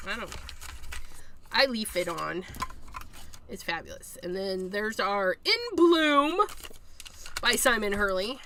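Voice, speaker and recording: A woman's voice: mid-range voice, expressive, takes it slowly, long pauses, pushed and bright, a little hiss or hum. A woman hosting a live card-making tutorial, chatting and joking to herself as she works. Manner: chatty, jokey, talks to herself while working.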